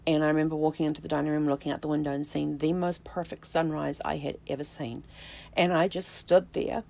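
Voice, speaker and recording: A middle-aged woman with a low, gravelly voice speaks straight to her viewers. She recalls a personal story slowly and reflectively, often stopping to restart a sentence or fill a pause with a soft "um.". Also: level tone. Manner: reflective, unhurried, with halting restarts and soft fillers. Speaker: vlog host, family tree researcher.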